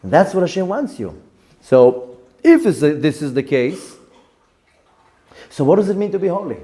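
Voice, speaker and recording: A man giving a Torah lesson as a rabbi, telling a story in a lively way, repeating words and acting out the lines of the people in it. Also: fairly high pitch, moderate pace. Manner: animated, repeats words, acts out quotes in the story.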